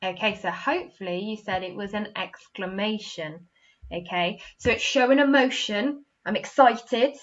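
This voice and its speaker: A woman's voice: medium pitch, normal speed, lo-fi sound. An English woman teaching a recorded online lesson to young children, encouraging and acting out example sentences with expression. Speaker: primary school teacher.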